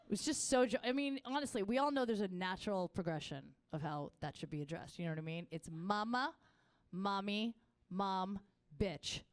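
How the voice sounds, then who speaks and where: A woman performing a stand-up comedy set on a festival stage, telling profane stories in a brash manner. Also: normal speed. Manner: jumps to a much higher, excited voice for quoted lines.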